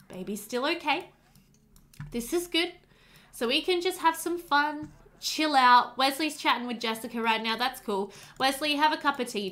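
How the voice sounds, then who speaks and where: A woman hosting a casual let's play, chatting excitably to her game characters as she plays. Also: on the high side. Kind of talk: casual gameplay commentary.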